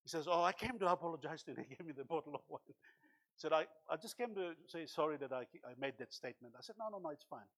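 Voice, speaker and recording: Pastor preaching in church, man, high voice, passionate bursts. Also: animated, fast. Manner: impassioned preaching with sudden loud bursts and exclaimed hallelujahs. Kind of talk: sermon.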